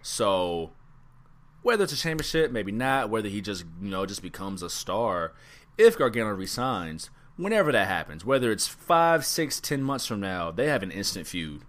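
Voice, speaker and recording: Laid-back low-voiced man chatting. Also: very animated, normal speed, a bit bright. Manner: laid-back, musing, trails off with ums. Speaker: podcast co-host. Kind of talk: casual wrestling podcast chat.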